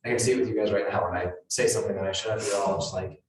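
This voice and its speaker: A man giving a live real estate training talk to agents, blunt and animated, acting out the people he quotes. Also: fairly low pitch, racing, noisy background. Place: training room with an audience. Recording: roomy, echoey hall from far off.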